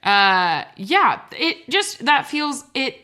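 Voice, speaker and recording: A woman's voice: high-pitched, sing-song, slow pace, pushed and bright. A woman co-hosting a podcast in playful casual chat, giggling and bantering. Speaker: podcast co-host.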